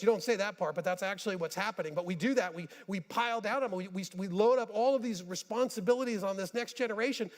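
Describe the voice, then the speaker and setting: High-voiced male pastor in a reverberant hall. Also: quick pace, hardly any pauses. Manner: conversational, joking asides, swings between hushed and emphatic. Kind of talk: sermon. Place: church sanctuary. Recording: church hall with long reverb.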